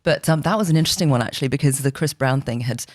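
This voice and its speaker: A woman with a British accent, a television journalist guesting on a podcast, telling stories in a frank, brisk way. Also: a bass voice. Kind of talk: casual podcast chat.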